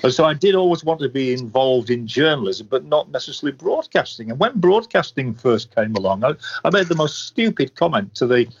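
Older Yorkshire man, veteran commentator, enthusiastic storyteller; middle pitch, muffled podcast audio. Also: sing-song, fairly quick, hardly any pauses, breathy edge. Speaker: guest sports commentator. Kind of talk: reminiscing interview talk.

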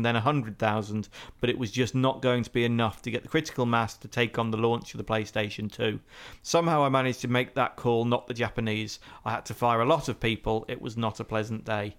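A man's voice: medium pitch, fairly even intonation, brisk, few pauses, fairly bright tone, clean tone. Dry man reading notes aloud. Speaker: podcast co-host reading out background. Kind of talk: casual chat reading from notes.

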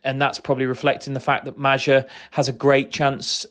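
A man calmly reflecting on a football match, fair-minded and analytical, with frequent restarts. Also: medium pitch, a little fast. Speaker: pundit from the other club.

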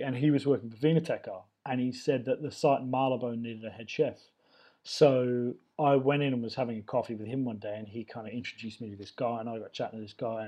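Darkish in tone and mid-range in pitch, this Australian man in his thirties is a chef appearing as an interview guest. In a casual chat, he recounts his career with loose, open enthusiasm.

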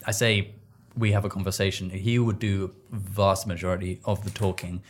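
Young man, hesitant, lowish voice. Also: level tone, moderate pace. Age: young adult. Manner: hesitant, laughs often, many restarts. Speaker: actor guest. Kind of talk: casual interview.

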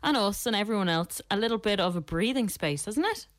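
A woman's voice: mid-range voice, expressive, brisk, no echo. A woman co-hosts a radio show with an easygoing, giggly manner. She answers her co-host's teasing lightly. Her voice is recorded dry and close in the studio. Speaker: radio co-host. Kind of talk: casual radio chat.

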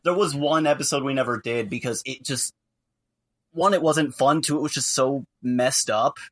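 A man's voice: mid-range voice, normal speed, fairly bright tone. A man hosting a podcast in casual chat, who laughs often and teases his co-host.

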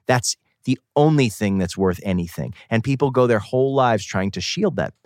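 A man with a Boston accent, a musician guest on a podcast, talking in an animated, rambling and earnest way. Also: medium pitch, normal speed, no echo, studio quality. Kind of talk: casual podcast chat.

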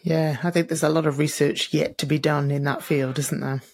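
A woman's voice: low-pitched, fairly even intonation, brisk, darkish tone, husky, no room sound, clean studio sound. A woman hosting a podcast interview, asking questions and adding brief, encouraging comments. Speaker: podcast host. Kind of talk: conversational interview.

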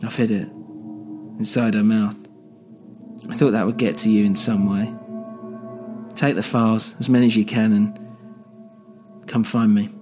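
A man's voice: on the low side, level tone, a little slow, long pauses, warm tone, soft background music, lightly acted. A man doing a fierce grieving woman. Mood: determined. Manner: raised, pressing, blunt. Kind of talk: single-voice audio drama.

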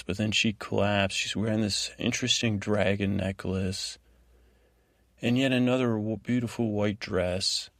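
A man hosting a podcast, giving a meandering bedtime recap that is full of halting restarts and fillers. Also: fairly low pitch, fairly even intonation, gravelly, no echo, studio quality. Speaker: podcast host. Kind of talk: rambling bedtime recap monologue.

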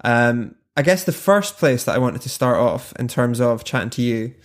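A man hosting a podcast, reading a scripted intro, then chatting with a guest in a studio in a measured presenter voice. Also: mid-range voice, expressive. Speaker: podcast host. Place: studio across a table. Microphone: headphones and studio mic.

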